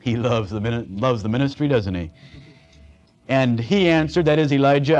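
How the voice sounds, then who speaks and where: A man's voice: medium pitch, moderate pace, a little mellow. Sarcastic male preacher, lo-fi sound. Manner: sarcastic, conversational asides between scripture readings. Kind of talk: expository Bible teaching. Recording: dull lo-fi recording.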